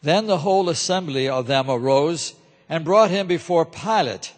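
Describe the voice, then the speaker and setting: A man narrating a scripture reading in a steady, solemn way, in a large church. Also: a little high, normal speed. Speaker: reader. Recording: echoey church hall.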